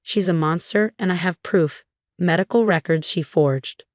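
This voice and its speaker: A woman's voice: on the low side, moderate pace, no echo, studio quality, lightly acted. A woman reading a distraught sobbing woman.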